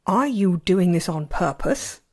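A woman's voice: on the low side, lively intonation, unhurried, slightly rough. A woman reading aloud and voicing a proud, exasperated male immortal master who talks with sarcastic indignation. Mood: scolding.

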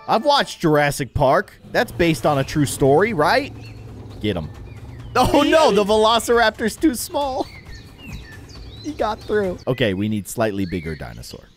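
A man giving excitable, jokey commentary while playing a video game. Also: mid-range voice. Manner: excitable, jokey, yelps and laughs at the action. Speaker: gaming YouTuber.

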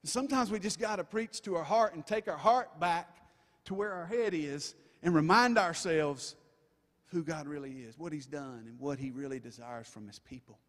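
High-voiced preacher in a reverberant church. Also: male voice, moderate pace, a bit bright. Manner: emphatic, folksy asides to the congregation. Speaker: pastor. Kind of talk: sermon. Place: church sanctuary. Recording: long reverb of a church hall.

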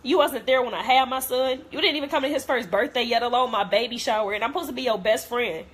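Young woman vlogger, husky and raw, venting hurt bluntly with plenty of swearing. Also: on the high side, fast talker, a bit bright. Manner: blunt, profane, hurt and heartfelt. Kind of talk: emotional rant to camera.

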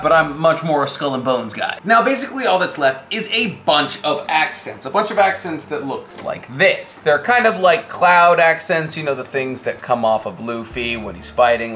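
A man's voice: medium pitch, fairly bright tone, a little hiss or hum. A man hosting a collectibles channel, giving a casual, enthusiastic voice-over as he assembles a statue and points out its details. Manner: enthusiastic and detail-focused, conversational.

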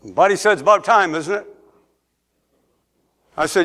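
Middle-aged guy preaching in church, pretty high voice, keeps asking amen and building up loud. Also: expressive, moderate pace, pauses often. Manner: preaching, calls for amens, rises to emphatic peaks. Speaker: pastor. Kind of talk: sermon. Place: church sanctuary.

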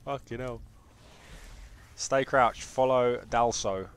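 Excitable British man streaming a game. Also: mid-range voice, slow pace, clear, resonant tone. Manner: excitable banter with chat, jokey. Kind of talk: live gameplay commentary.

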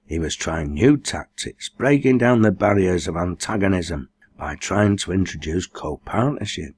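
A man's voice: low-pitched, expressive, unhurried, a little mellow, breathy edge. A man reading a novel aloud as an audiobook, raising his voice for the dialect dialogue. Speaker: audiobook reader. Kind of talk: scripted narration.

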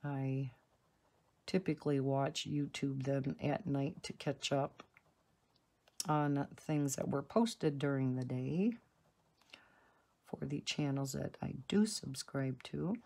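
Slow, chatty woman coloring at home. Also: rumbling low, gravelly, dark tone. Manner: slow, chatty, rambling with asides. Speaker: coloring channel host. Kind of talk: casual color-along chat. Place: home, indoors.

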